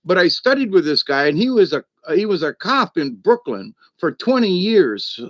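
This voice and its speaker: A man's voice: high voice, very animated, moderate pace, no room sound, highs cut off. Chatty man telling stories. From South Georgia, US. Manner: rambling and chatty, full of "you know" and "but anyway". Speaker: live-stream host. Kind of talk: casual storytelling to a live chat.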